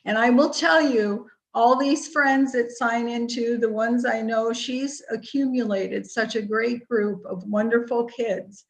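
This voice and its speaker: A woman speaking as a family member, proud and warm, over a video call. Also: a little high, fairly even intonation, measured pace, few pauses, poor audio.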